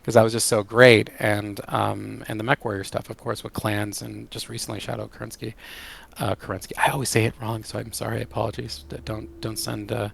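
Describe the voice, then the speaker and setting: A man who works as a game creative director, answering interview questions in an enthusiastic, animated way. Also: lowish voice, a little fast, vocal fry, slightly rough.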